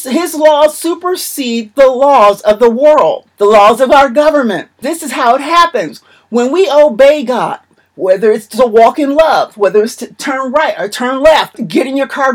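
Woman preacher, fairly high, breathy voice, emphatic and repetitive sermon delivery.

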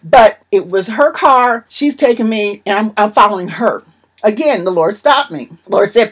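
A woman's voice: on the high side, animated, moderate pace, husky. A woman preaching a sermon in an emphatic, repetitive manner.

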